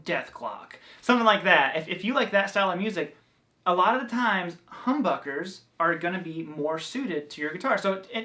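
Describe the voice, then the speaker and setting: A man's voice: sits high, sharp tone. Chatty Southern man teaching guitar. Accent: Southern American. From American South. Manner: chatty, loose, full of fillers and restarts. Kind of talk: casual guitar lesson vlog.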